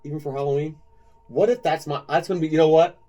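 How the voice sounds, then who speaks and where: A man's voice: fairly high pitch, quick pace, mellow, highs cut off. A man co-hosting a podcast in casual chat, rambling and enthusiastic, often breaking into laughter. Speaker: podcast co-host.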